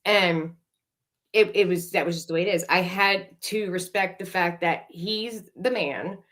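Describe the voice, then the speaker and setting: Woman podcast host, fairly low voice, blunt storyteller who swears and laughs a lot. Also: unhurried, fairly bright tone. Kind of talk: candid storytelling chat.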